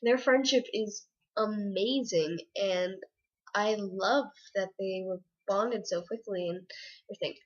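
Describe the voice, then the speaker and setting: A woman's voice: mid-range voice, unhurried, muffled recording. A young woman gushing about a book in a chatty, giggly way. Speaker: book reviewer. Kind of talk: casual book review chat.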